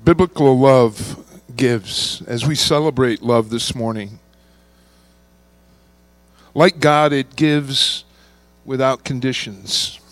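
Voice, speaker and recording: A man preaching a sermon, reading scripture and slowing down to stress key words. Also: mid-range voice, no echo. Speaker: pastor.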